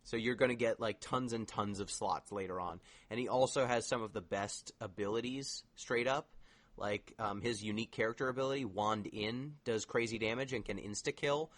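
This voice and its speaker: A man's voice: fairly low pitch, moderate pace, fairly bright tone, no echo. A man co-hosting a casual podcast chat, explaining things at length with lots of filler words. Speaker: podcast co-host.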